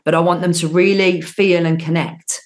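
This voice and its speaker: This podcast host from Birmingham, England, has a fairly low voice with fairly even intonation and a moderate pace. Her interview talk is effusive and emphatic, full of gushing praise and frequent restarts.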